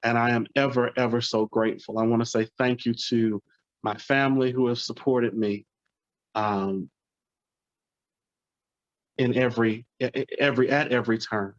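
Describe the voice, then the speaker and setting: With long pauses between phrases, a man from Alabama, USA speaks to his poetry-reading audience at a normal speed and a steady, medium-pitched tone. He comes across as earnest and softly grateful, his words heartfelt. The dry, lo-fi audio is slightly muffled, with no echo.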